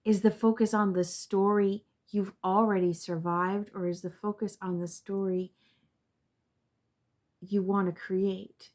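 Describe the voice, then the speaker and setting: A woman giving a spiritual tarot reading to her viewers, reflective and earnest, often repeating words and trailing off softly. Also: mid-range voice, little pitch movement, a little slow. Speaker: tarot reader.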